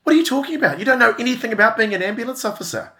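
A man putting on the voice of his stern elderly mother, sharp and exasperated as she questions him. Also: on the high side, animated, rapid-fire, pitched above the performer's own voice. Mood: indignant.

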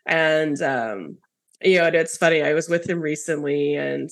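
A woman hosting a podcast, telling a story in a lively, casual way with many fillers. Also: deep voice, moderate pace, gravelly. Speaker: podcast host. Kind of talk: casual conversational interview.

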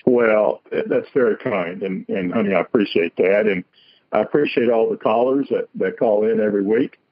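A man's voice: fairly low pitch, moderate pace, dry recording. A man with a Southern US accent calling in to a radio show, courteous and drawling. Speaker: caller. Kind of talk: casual call-in phone chat. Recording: dull lo-fi call audio.

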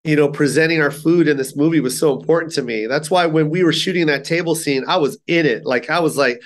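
A middle-aged stand-up comedian with a fairly high voice talks fast in a casual interview. He tells stories animatedly, acting out the people he quotes in character voices.

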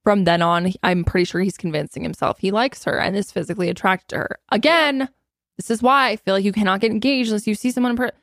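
A woman's voice: medium pitch, fast talker, no echo, clean studio sound. Emphatic woman giving frank opinions. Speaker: podcast co-host. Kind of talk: casual chat.

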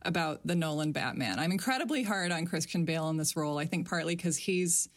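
A woman's voice: sits low, quick pace. A woman co-hosting a casual movie podcast, opinionated and wry as she talks film. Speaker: podcast co-host.

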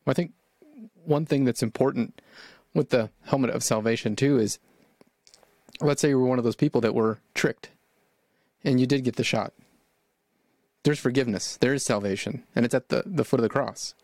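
A man hosting a casual faith talk speaks calmly and reassuringly. His voice is recorded dry and close, with no room echo. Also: medium pitch, normal speed, long pauses.

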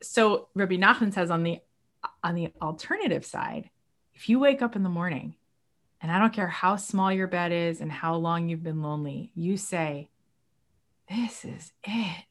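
Animated, emotional woman podcast guest. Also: fairly low pitch, normal speed. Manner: animated, emotional, acts out quotes. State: moved to tears at times. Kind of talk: casual podcast conversation.

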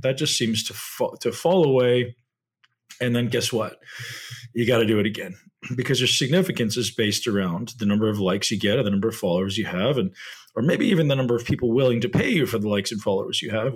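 A man's voice: fairly low pitch, breathy edge. A middle-aged man hosting a solo podcast, talking earnestly and reflectively, often asking rhetorical questions and correcting himself. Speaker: podcast host.

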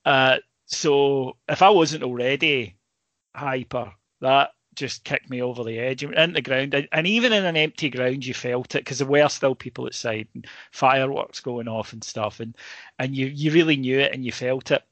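A man's voice: medium pitch, normal speed, a bit bright, dry recording. Man, Scottish accent, journalist guest, emotional storytelling, dry close sound. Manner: emotional, rambling storyteller with many restarts. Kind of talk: casual storytelling chat.

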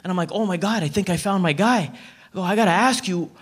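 A Canadian man doing a stand-up comedy routine in front of a live audience, telling stories in an animated way and acting out the dialogue. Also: high-pitched, fast talker, slightly rough.

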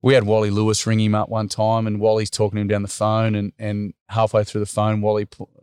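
A middle-aged Australian man telling a heartfelt story in an interview, earnest and halting, with many pauses and restarts. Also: on the low side, monotone, a little mellow, clean tone, dry recording, studio quality. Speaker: workshop facilitator and guest.

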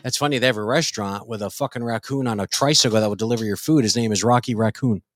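A man hosting a comedy talk show, rambling through profane stories and quick jokes. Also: lowish voice. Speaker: host. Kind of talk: casual comedy banter.

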